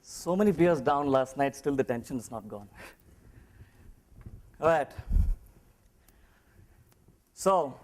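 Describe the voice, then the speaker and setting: A man's voice: medium pitch, animated, slow pace, pauses often, slight background noise. A man from Chennai with an Indian English accent, giving a humorous contest speech and mimicking other accents in his story.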